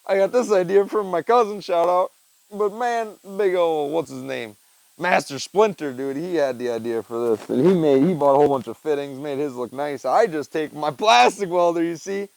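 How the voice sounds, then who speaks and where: A man's voice: a little high, moderate pace, gravelly, a little mellow, no echo, rough recording. A young man vlogging casually while he works on a chicken feeder, rambling and saying "dude" and "man" a lot, on a wearable mic. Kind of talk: casual chat while working. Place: backyard with chicken coop and tool bench.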